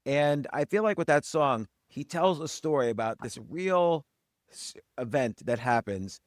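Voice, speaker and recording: A man's voice: mid-range voice, expressive, unhurried, dry recording, studio quality. A man hosting an interview, asking questions and giving thoughtful comments while searching for words. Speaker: podcast host.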